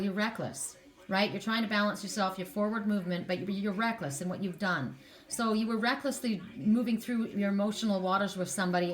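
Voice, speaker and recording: A woman giving a spiritual card reading. She speaks straight to her audience with passion, circling back and repeating words to press a point home. Her voice sits at an ordinary pitch for a woman. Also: a bit bright. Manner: impassioned, talks straight to viewers, repeats words. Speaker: tarot card reader.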